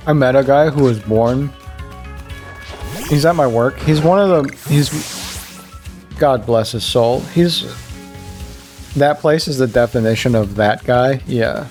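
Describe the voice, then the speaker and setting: A young man from Virginia chatting casually while playing a game, rambling and joking, jumping up in pitch to make a point. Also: a little slow, long pauses, a little mellow, faint music behind. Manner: rambling, joking, jumps into higher pitch for emphasis. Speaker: gaming streamer. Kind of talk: casual gameplay commentary.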